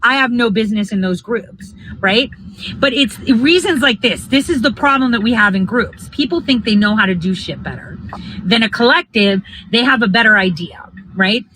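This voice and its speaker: A woman speaking straight to her followers in a casual, off-the-cuff vlog. Her voice has a bright, forceful edge, and she talks bluntly and emphatically, swearing freely as she vents. Faint ambient noise sits behind her. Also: fairly high pitch, animated, normal speed, low-quality recording. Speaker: political organizer vlogger. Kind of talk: casual rant to viewers. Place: out and about heading to a coffee drive-thru.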